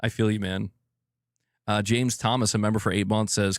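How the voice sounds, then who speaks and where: A man's voice: lowish voice, steady tone, normal speed, long pauses, dry recording, studio quality. A man hosting a live stream, chatting casually and bluntly, swearing and laughing a lot while reading viewer comments. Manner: blunt, profane, laughs often.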